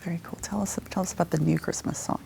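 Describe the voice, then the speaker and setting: A man's voice: a little high, fairly even intonation, fast, gravelly, a little mellow, slight background noise. A man interviewing his guests with light, joking asides. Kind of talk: interview questions.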